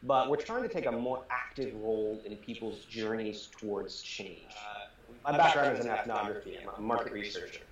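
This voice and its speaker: A man's voice: on the low side, normal speed, a little hiss or hum. A man, a startup founder, explaining his work earnestly as a guest in a casual interview. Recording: roomy, dull remote audio.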